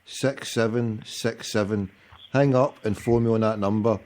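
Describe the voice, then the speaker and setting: A man's voice: fairly low pitch, steady tone, measured pace, a little mellow. A man hosting a fan phone-in, blunt and bossy, cutting in on callers. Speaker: phone-in host.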